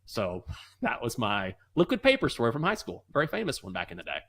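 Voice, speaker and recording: A man co-hosting a sports betting show, telling a story with lively acted-out voices, then talking basketball. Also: medium pitch, brisk. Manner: animated, acts out voices in anecdotes. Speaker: co-host.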